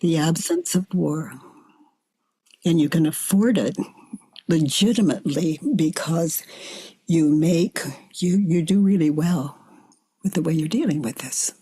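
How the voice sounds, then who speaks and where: An older woman facilitating a self-inquiry dialogue, gently coaxing her guest and calling her honey. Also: low voice, breathy edge. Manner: gentle, slow, coaxing with endearments.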